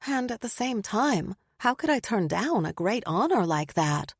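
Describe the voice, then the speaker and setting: Expressive woman narrating a story. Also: medium pitch, a little slow, husky, dry recording, studio quality. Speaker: audiobook narrator. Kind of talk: scripted first-person narration.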